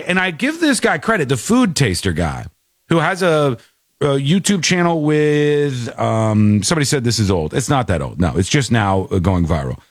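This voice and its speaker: A man hosting a show, chatting casually about a viral clip in an animated way, with laughing asides. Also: medium pitch, no room sound, studio quality. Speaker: show host.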